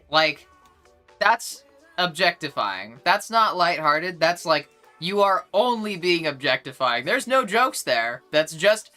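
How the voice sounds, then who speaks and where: A woman's voice: lowish voice, animated, a little slow, pushed and bright, soft background music. A young woman streamer chatting casually with her chat, rambling and blunt, swearing often and full of fillers and restarts.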